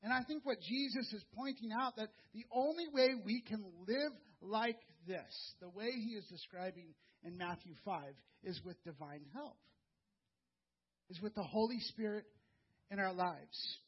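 Man, pastor, sermon, high husky voice, conversational, earnest, repeats words, dull lo-fi sound. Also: measured pace. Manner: conversational, earnest, repeats words, drops to soft low tones for emphasis.

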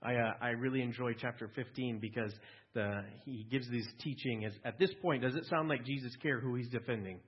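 Male pastor, husky voice, conversational sermon style, dull lo-fi recording. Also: medium pitch, a little fast. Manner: conversational, asks listeners questions, small restarts.

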